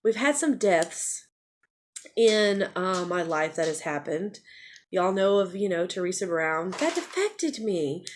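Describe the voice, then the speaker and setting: A woman's voice: lowish voice, big pitch swings, slow, a little hiss or hum. A middle-aged woman talking candidly in a personal vlog, rambling and repeating phrases. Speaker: vlogger.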